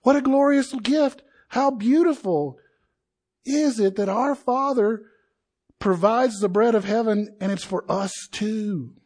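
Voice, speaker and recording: A man preaching a sermon in an animated way, acting out the crowd's voices and building to indignant peaks. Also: high voice, slow pace.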